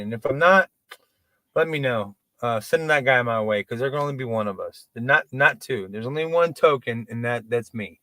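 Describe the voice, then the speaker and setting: A man's voice: mid-range voice, bright, forceful tone, no room sound. A man in his forties doing open mic stand-up, rambling, self-deprecating and profane. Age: 40s. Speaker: stand-up comedian.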